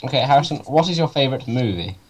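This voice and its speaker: A man's voice: mid-range voice, animated, rapid-fire, slight background noise, rough recording. A man co-hosting a casual podcast, laid-back and moving the segments along. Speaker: podcast co-host. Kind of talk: casual chat.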